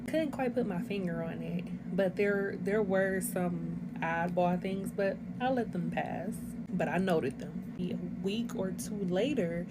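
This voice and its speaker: A woman with a lowish voice shares a personal story in a brisk, confiding way, leaning on talk of her spirit. Heavy background noise hisses under her words. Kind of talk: casual storytelling.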